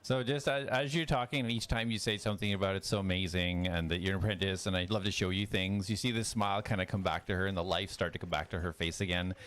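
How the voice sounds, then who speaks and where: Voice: low voice, steady tone, fast, hardly any pauses, a bit bright. A game master narrating a tabletop role-playing scene in a descriptive way, with fillers like "kind of".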